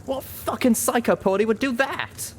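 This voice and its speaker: A man voicing a boastful, excitable young male pegasus sharpshooter in a storybook reading. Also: very high voice, normal speed, a little hiss or hum, voice pushed up. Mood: shocked.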